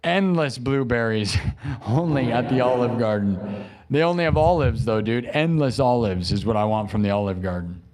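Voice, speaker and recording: A man's voice: mid-range voice, moderate pace, darkish tone. A man hosting a late-night music livestream, chatting casually and goofily, rambling and breaking into silly chants. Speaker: livestream host and improv musician.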